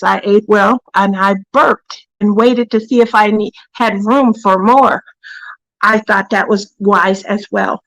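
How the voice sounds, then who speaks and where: A woman's voice: fairly high pitch, no room sound, poor audio. A woman hosting a casual craft livestream, telling a work story in a chatty way, laughing often and stopping to greet viewers by name. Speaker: craft channel host.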